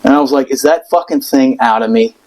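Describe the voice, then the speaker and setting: A man telling a personal story in casual podcast chat, animated and profane, acting out the people in it. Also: medium pitch, a little fast, poor audio. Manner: animated, profane, acts out voices in quotes.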